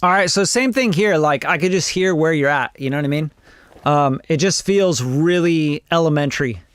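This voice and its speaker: A man's voice: a little high, moderate pace, smooth, no room sound. A man reviewing songs on a casual live stream, blunt and profane, often acting out other people's voices. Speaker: music producer reviewing songs.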